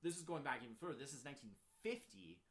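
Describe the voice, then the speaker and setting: Man, casual co-host chat, rambling, many fillers, excited pitch jumps. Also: fast talker. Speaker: co-host ranking films.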